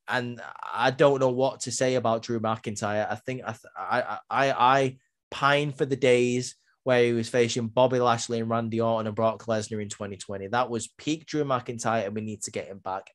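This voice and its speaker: A man giving a casual, chatty review of a wrestling show, full of filler ums and quick asides. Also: medium pitch. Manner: chatty, many filler ums, acts out quotes. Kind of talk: casual recap and opinion.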